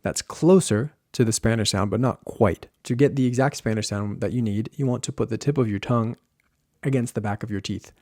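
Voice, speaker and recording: A man teaching pronunciation in a video lesson, slowly demonstrating sounds with careful repetition. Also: fairly low pitch, darkish tone, dry recording, studio quality.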